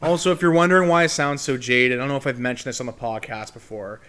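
Bright-voiced young man telling a story. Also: mid-range voice, fast. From Canada. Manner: animated storytelling, swears freely. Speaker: podcast co-host. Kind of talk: casual podcast chat.

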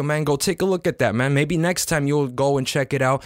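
A man's voice: mid-range voice, brisk, no room sound, clean studio sound. Slangy, rambling man hosting a podcast. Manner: slangy, rambling, peppers lines with "man" and "you know what I'm saying"; frequent restarts and laughs. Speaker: podcast host. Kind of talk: casual solo podcast monologue.

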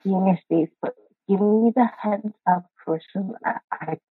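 A woman's voice: mid-range voice, breathy edge, no room sound. Frustrated woman caller on a tinny line. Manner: frustrated, halting, many restarts. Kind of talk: live call-in chat. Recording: dry tinny call line.

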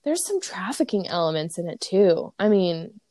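A woman co-hosting a podcast, chatting casually and telling animated stories. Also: on the low side, normal speed, dry recording, studio quality. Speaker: podcast co-host. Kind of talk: casual chat.

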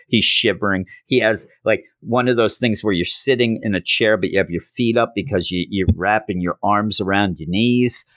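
Low-voiced animated podcast host. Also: male voice, no room sound, clean studio sound. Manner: animated storytelling, acting out characters. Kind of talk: comic book recap podcast.

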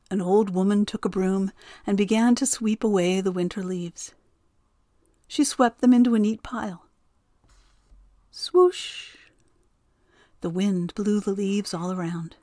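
A woman narrating a storybook tale in a gentle, expressive way. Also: medium pitch, unhurried, dry recording, studio quality.

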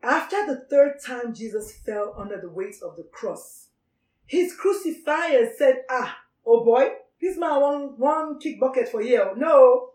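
A woman's voice: sits high, roomy sound, recorded from a distance, rough recording. A woman gives an emphatic, preachy talk to doctors and repeats her key phrases. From Nigeria. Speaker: physician speaker on doctor suicide. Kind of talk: motivational talk.

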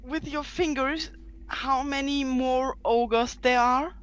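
A woman's voice: high-pitched, steady tone, takes it slowly. A woman player in a casual tabletop game, chatty and full of questions, heard over dull lo-fi audio.

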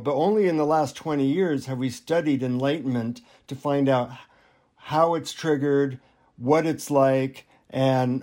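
A man being interviewed as an author, telling anecdotes in a relaxed, self-deprecating way. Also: medium pitch. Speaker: author and guest. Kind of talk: interview storytelling.

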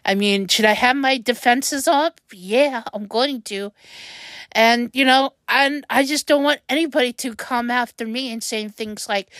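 A woman's voice: on the high side, measured pace, fairly bright tone, no room sound. A woman hosting a personal podcast monologue, emotional and rambling, stumbling over her words while upset and close to tears. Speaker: podcast host.

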